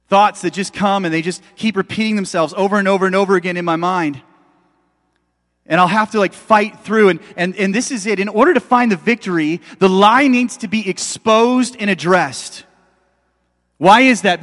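A man's voice: high-pitched, a bit bright. A middle-aged man preaching a sermon as a pastor, in a conversational, emphatic way that speaks straight to the listeners. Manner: conversational, emphatic, addresses audience directly. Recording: long hall reverb.

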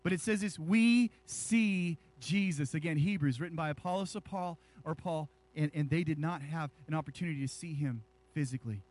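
A male pastor delivers a lively sermon to his church. His voice sits notably high for a man, and he preaches with animated energy, joking with the congregation between scripture readings. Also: moderate pace, hardly any pauses.

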